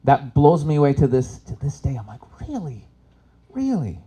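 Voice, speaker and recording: A man performing live stand-up, telling stories with sudden loud shouted impressions. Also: medium pitch, fairly even intonation, a little fast, breathy edge. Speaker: stand-up comic. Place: expo stage before an audience.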